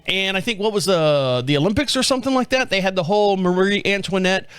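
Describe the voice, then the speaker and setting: A man's voice: sits high, lively intonation, fast, fairly bright tone, clear, resonant tone, dry recording. A middle-aged man from the States, hosting a podcast in a rambling, joking way and chuckling often. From southern United States. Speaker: podcast host. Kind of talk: casual chat.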